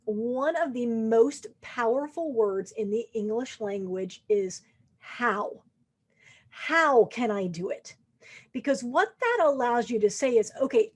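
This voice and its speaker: Woman sales coach, conversational podcast. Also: a little high. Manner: conversational, acts out quoted lines of prospects. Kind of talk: podcast sales advice monologue.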